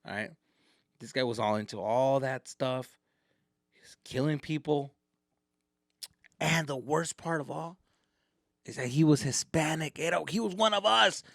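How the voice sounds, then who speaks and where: A man's voice: a little high, unhurried, gravelly, pauses often, dry recording, studio quality. A man hosting a casual solo podcast, ranting profanely and mixing in Spanish. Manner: profane, animated, slips into Spanish. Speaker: podcast host. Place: indoors at home.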